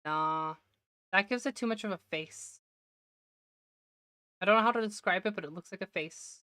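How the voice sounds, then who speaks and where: A woman's voice: medium pitch, moderate pace, sharp tone, clean tone, dry recording. A woman streamer giving casual gameplay commentary, talking to herself and laughing often, her voice slightly worn. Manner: chatty self-talk, laughs often.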